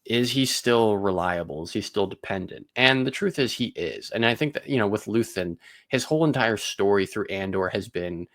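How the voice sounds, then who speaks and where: A man's voice: fairly low pitch, animated, moderate pace, a bit bright, no room sound, clean studio sound. A man hosting a casual review discussion, talking through his points in long, analytical explanations. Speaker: podcast host.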